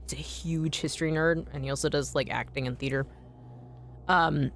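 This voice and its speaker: A woman streamer chatting casually while playing a game, rambling with many fillers, swearing freely and breaking into sudden excited outbursts. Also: low-pitched, normal speed. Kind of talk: casual live gameplay chat.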